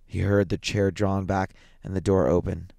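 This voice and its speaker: A man with a low voice narrates a classic horror short story, measured and dramatic. He reads with deliberate pauses that build the tension. The sound is dry and close. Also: little pitch movement, gravelly, warm tone, no echo.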